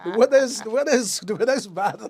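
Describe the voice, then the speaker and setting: A man's voice: high voice, animated, brisk. A man hosting a casual chat, often stumbling and repeating his words. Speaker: show host.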